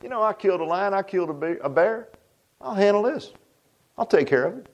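A man's voice: high-pitched, expressive, a little fast, pitched above the performer's own voice. A man preaching and voicing a bold young country shepherd boy with a cocky, offhand drawl. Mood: confident.

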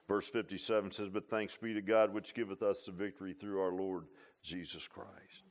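A deep-voiced older man, a pastor, preaches a sermon in a folksy, animated style. He swings from quiet asides to loud exclamations, throwing in "huh?" and "man."

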